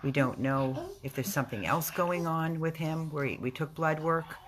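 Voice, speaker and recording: Very low-voiced woman rescue volunteer. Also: a crowd in the background. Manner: emotional, halting, with restarts. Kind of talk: casual video update. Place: rescue house, indoors.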